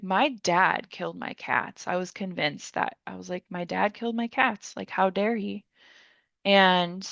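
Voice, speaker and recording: A woman's voice: lowish voice, vocal fry, fairly bright tone, no room sound, lo-fi sound. A young woman telling her own story casually, rambling with many fillers and acting out what people said. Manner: rambling, heavy use of "like", acts out her own quotes. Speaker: podcast guest.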